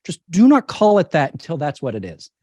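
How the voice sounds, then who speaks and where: A man's voice: fairly high pitch, huge pitch swings, fairly quick, warm tone, no room sound. A man, a company CEO, answering interview questions in an emphatic, persuasive way and repeating his key points.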